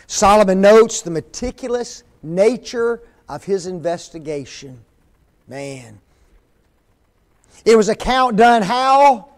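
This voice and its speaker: An older man preaching a sermon in a church, folksy and conversational, often asking the congregation questions and reading scripture slowly with emphasis. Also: sits high, lively intonation. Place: church sanctuary.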